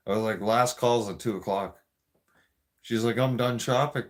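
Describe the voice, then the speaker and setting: A man's voice: lowish voice, steady tone, a little fast. A man telling a profane, rambling story in a casual rant. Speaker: vlogger.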